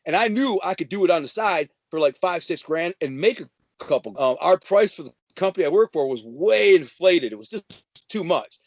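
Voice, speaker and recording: A man's voice: a little high, lively intonation, normal speed, dry recording. A man telling a wild story in casual, brash, slangy talk. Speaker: guest telling prison-life stories.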